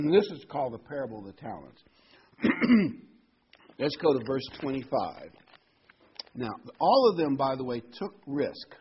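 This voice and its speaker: A man's voice: medium pitch, sing-song, measured pace, slight background noise. A man preaching a conversational sermon, reading scripture and adding casual asides. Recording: dull lo-fi recording.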